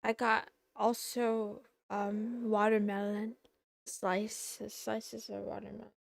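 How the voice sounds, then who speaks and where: A young woman VTuber streamer chatting casually and playfully while eating on a quiet stream. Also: mid-range voice, flat delivery, takes it slowly, vocal fry, no echo, studio quality.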